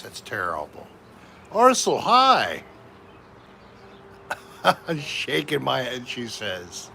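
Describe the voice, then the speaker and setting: A man with a fairly high, somewhat bright voice hosts a casual live stream from home, chatting with viewers and reading their names out one by one. There's a little hiss or hum on the audio.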